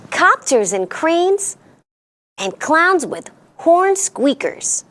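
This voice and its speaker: A woman's voice: extremely high pitch, very animated, very slow, a bit bright. A woman hosting a children's storytime, reading a picture book aloud in a sing-song storyteller voice and putting on playful voices for the characters.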